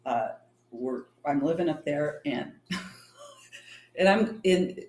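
A woman's voice: sits low, slow, darkish tone. A middle-aged woman from California, a champion cyclist and triathlete, chatting as an interview guest and acting out the dialogue in her stories. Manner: chatty, acts out quoted dialogue. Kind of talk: casual storytelling interview. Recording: roomy echo.

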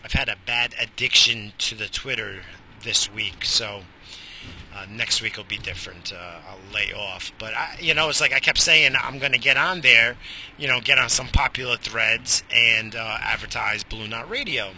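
A man's voice: medium pitch, normal speed, creaky, bright, forceful tone, slight background noise. A middle-aged man hosting an internet radio show, rambling alone in a goofy, profane, self-mocking way. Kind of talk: rambling solo monologue.

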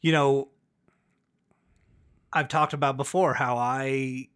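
A man co-hosting a podcast, chatting casually in a rambling, profane, animated way. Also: medium pitch, takes it slowly, smooth. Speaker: podcast co-host. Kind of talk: casual chat about wrestling.

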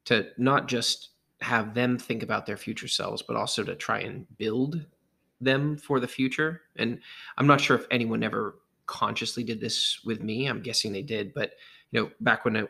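A man co-hosting a relaxed podcast with his wife, making dry jokes and often restarting his sentences. His voice is low, husky and gravelly. It also has a bright, slightly tense edge. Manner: easygoing, dry humor, halting restarts. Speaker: podcast co-host, father. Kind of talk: casual chat.

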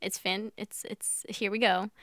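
A woman's voice: medium pitch, level tone, measured pace, a bit bright, no echo, clean studio sound. A young woman co-hosting a podcast, chatting casually and teasing her co-host playfully. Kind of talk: casual chat.

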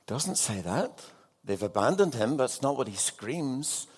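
Male pastor, mid-range voice, unhurried sermon delivery, earnest, questions the congregation. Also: mid-range voice, big pitch swings, a little mellow, slightly rough. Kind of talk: evening sermon.

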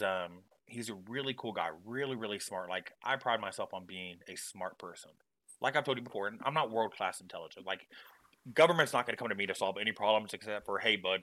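A man hosting a casual podcast, spinning a long family story with plenty of self-deprecating asides. His voice sits a little low but has a bright, forward tone. The delivery is loose and chatty. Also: no echo, poor audio. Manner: rambling, self-deprecating, jokey. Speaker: podcast host.

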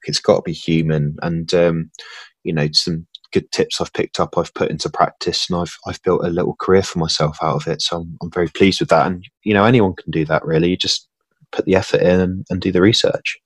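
A man chatting as a podcast guest, self-deprecating and quick to laugh. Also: low voice, fairly even intonation, husky, dry recording. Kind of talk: casual conversation.

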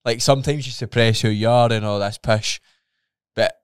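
A man co-hosting a podcast, telling a story in an animated way, swearing a lot and acting out his own reactions. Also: lowish voice, normal speed, clear, resonant tone, dry recording, clean studio sound. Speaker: podcast co-host. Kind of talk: casual chat.

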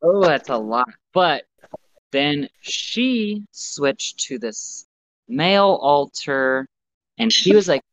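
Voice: medium pitch, expressive, takes it slowly, fairly bright tone, a little hiss or hum. A podcast co-host in casual chat, giving blunt, profane, rambling opinions, recorded with slightly muffled audio.

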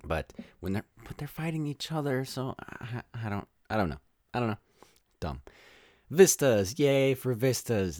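A young man hosting a podcast, rambling through a casual spoiler-filled film review with exasperated, animated rants. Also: lowish voice, no room sound, clean studio sound.

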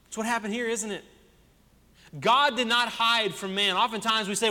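A man's voice: sits high, fairly even intonation, moderate pace, pushed and bright. A man preaching a sermon as senior pastor, asking the congregation one rhetorical question after another. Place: church sanctuary. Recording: long church hall reverb.

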